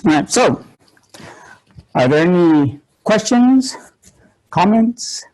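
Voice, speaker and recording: A man's voice: high voice, lively intonation, slow, a little mellow, low-quality recording. A male ministry instructor who teaches through stories, joking and laughing at himself before an audience. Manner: humorous, laughs often, self-mocking. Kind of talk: teaching session with personal stories.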